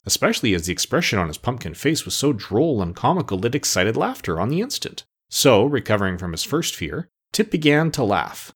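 A man narrating a storybook aloud in an expressive storytelling manner. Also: mid-range voice, brisk, few pauses, breathy edge. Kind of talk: audiobook narration.

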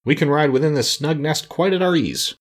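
A man's voice: on the high side, brisk, pitched above the performer's own voice, natural voice. Thoughtful straw man, as a man voices him, light and raised, storybook. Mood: reasoning. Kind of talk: storybook reading.

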